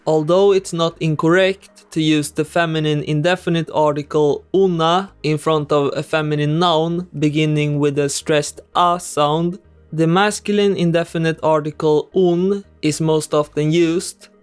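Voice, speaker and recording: Slow, precise man teaching grammar. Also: on the high side, fairly even intonation, smooth. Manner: slow, deliberate, precise enunciation of example words. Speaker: language teacher. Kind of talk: scripted explanatory narration. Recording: clean voice-over over faint music. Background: soft background music.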